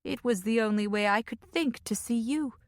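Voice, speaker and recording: A woman voicing a commanding older noblewoman with a throaty laugh and a soft lilt, in an audiobook. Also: fairly high pitch, moderate pace, no room sound, studio quality, natural voice. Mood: wry.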